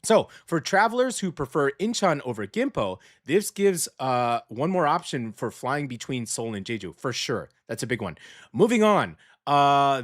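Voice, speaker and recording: A man hosting a local radio show, chatting loosely through news with many fillers and restarts. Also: medium pitch. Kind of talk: casual news chat. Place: small radio studio. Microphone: studio mic.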